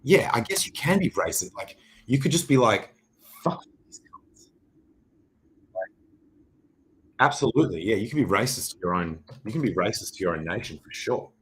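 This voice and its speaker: A man's voice: lowish voice, lively intonation, quick pace, a bit bright, low-quality recording. An Australian man hosting a livestream, talking through crypto charts in a rambling, jokey and profane way. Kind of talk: casual livestream chart commentary.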